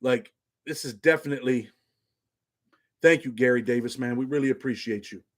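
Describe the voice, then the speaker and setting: A middle-aged man with a mid-range voice speaks at a normal pace while hosting a laid-back livestream. He talks loosely, says "man" constantly, and reads viewer comments out loud.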